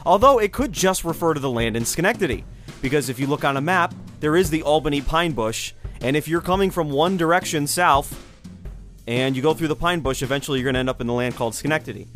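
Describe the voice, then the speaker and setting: A man's voice: fairly high pitch, animated, fast talker, fairly bright tone, soft background music. Casual man telling history. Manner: conversational, speculative asides and restarts. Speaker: history podcast host.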